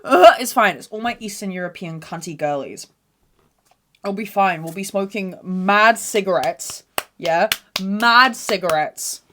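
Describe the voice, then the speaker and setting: A young woman hosting a podcast, ranting casually and profanely, rambling from loud outbursts to low mutters. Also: animated, a little slow, noisy background. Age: young adult. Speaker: podcast host. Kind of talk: casual rant monologue.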